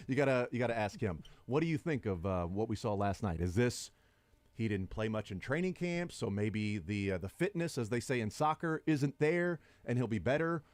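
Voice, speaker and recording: A man's voice: medium pitch, lively intonation, normal speed, dry recording. A middle-aged man hosting sports talk radio, chatting and arguing his points at length. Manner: conversational, argumentative, builds long points.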